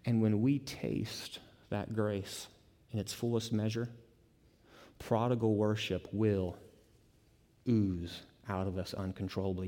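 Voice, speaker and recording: A man's voice: low-pitched, warm tone. A man preaching a sermon, emphatic, piling up repeated words and rising into bursts. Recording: long hall reverb.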